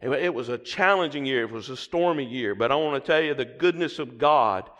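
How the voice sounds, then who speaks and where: Southern preacher in a reverberant church. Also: male voice, mid-range voice, expressive, fairly quick, fairly bright tone, muffled recording. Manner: call-and-response preaching, prompting the congregation. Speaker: pastor. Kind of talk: sermon. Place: church sanctuary. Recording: long hall reverb.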